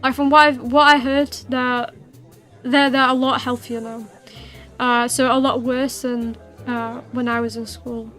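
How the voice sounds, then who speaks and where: A woman's voice: a little high, flat delivery, a little slow, a bit bright, faint music behind. A young woman hosting a livestream, chatting casually with her viewers in a rambling way full of fillers and restarts. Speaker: livestream host. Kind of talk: casual chat with viewers while streaming.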